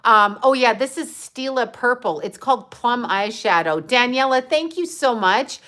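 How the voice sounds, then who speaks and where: A woman's voice: fairly high pitch, lively intonation, normal speed, bright, forceful tone. A middle-aged woman hosting a casual livestream from her phone, chatty, laughing often and swearing casually. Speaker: livestream host. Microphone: handheld phone.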